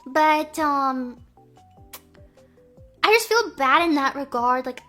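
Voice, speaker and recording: High-pitched, bright and forceful, this young woman's voice carries her casual VTuber livestream chat. She rambles and stammers Valley-girl style, repeating phrases and leaning on fillers.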